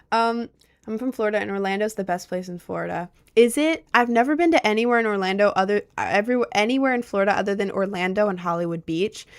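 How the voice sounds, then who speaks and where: A young woman streamer from Maryland, USA, chats and rambles casually while reading viewer questions, filling her talk with fillers. Her medium-pitched, slightly bright voice is recorded dry at studio quality.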